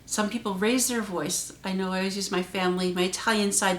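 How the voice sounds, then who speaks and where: A woman hosting her own vlog, talking straight to the viewer and shifting her pitch and loudness for emphasis. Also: fairly quick. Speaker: channel host. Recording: roomy echo.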